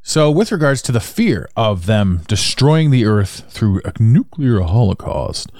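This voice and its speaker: A Canadian man hosts a solo podcast in a fairly low voice. His pitch rises and falls widely as he rambles, repeating himself and circling back to earlier points. The recording is dry, with no room sound. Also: sing-song, unhurried, darkish tone, no room sound. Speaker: podcast host.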